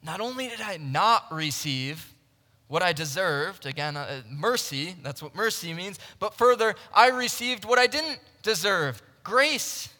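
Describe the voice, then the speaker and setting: A man preaching a sermon to a room of listeners, earnest and conversational, with frequent restarts and swings between loud emphasis and hushed moments. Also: high-pitched, expressive, measured pace. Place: large room with a live audience. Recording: long reverb from a large hall.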